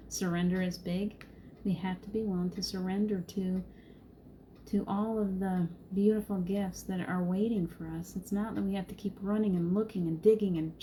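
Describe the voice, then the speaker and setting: With a mellow mid-range voice and a little hiss or hum in the audio, a middle-aged woman runs a live spiritual card reading. She greets viewers by name, laughs easily and speaks in a soothing, encouraging manner.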